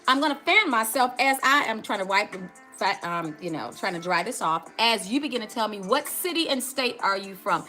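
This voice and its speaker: Faint music plays behind a middle-aged makeup livestream host whose medium-pitched voice is animated, bright, and forceful, running a little fast. She keeps it casual and chatty, greeting viewers by name and calling to "y'all."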